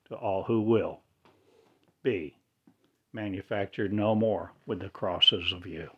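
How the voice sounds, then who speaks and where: A man delivering a rambling spiritual monologue in halting, oddly inverted phrasing. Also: fairly low pitch, highs cut off.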